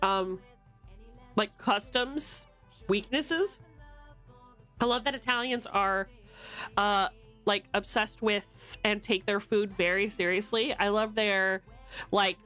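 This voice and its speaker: Loud, chatty American woman streamer. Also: medium pitch, fairly even intonation, soft background music. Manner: loud, chatty, swears freely, quick to laugh. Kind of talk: casual livestream chat with viewers. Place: home room at a desk. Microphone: streaming mic.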